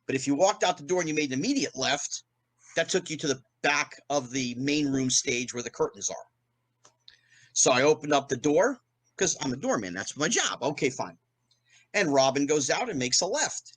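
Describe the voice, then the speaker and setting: A middle-aged man, a podcast guest, telling anecdotes in a lively way and acting out the voices of people he quotes. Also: fairly high pitch, brisk, poor audio. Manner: animated, acts out quoted voices. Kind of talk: anecdotal storytelling.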